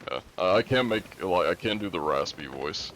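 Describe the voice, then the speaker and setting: A young man chatting casually on a live stream, reading chat and answering in a relaxed way. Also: deep voice, moderate pace, a little hiss or hum. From United States.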